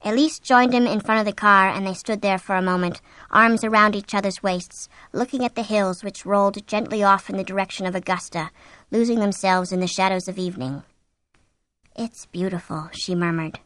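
A woman reading a horror novel aloud as an audiobook, with an expressive, suspenseful delivery on a close mic. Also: mid-range voice, brisk, dry recording. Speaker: audiobook narrator. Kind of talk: scripted narration of a horror novel.

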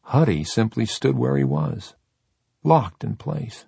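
A man narrating a horror audiobook in a measured, deliberate way. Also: mid-range voice, animated, gravelly, mellow, slightly rough, dry recording.

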